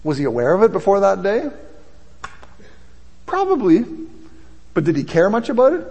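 A man with a fairly high, slightly husky voice delivers a sermon. His talk is casual and conversational, then grows emphatic and insistent. The sound carries a long reverb, as if heard in a large church hall. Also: wildly swooping pitch, normal speed, dark tone. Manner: conversational preaching, rising in intensity. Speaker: pastor.

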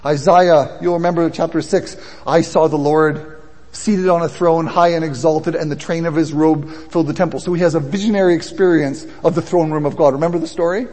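A man's voice: on the high side, steady tone, brisk, darkish tone. A man preaching a sermon in a conversational way that builds in intensity. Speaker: pastor. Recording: long hall reverb.

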